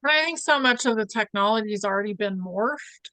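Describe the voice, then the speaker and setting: Smooth-voiced woman, dry close sound. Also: medium pitch, animated, brisk, pushed and bright, no room sound, low-quality recording. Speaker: host. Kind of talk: casual fireside chat.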